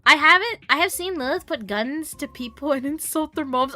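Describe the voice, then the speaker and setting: A young woman from Canada streams and chats with her viewers, teasing them and trading mock insults. Her voice is bright and a little high, and faint game music plays beneath her talk. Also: moderate pace, hardly any pauses, no echo. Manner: playful teasing, bursts of laughter and mock insults. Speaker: variety streamer. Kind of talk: casual chat reading stream chat.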